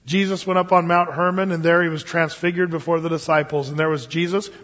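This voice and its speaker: High-voiced pastor teaching in a reverberant hall. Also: male voice, fast. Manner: lively storytelling with acted-out quotes. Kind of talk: Bible study teaching. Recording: dull lo-fi sound with long hall reverb.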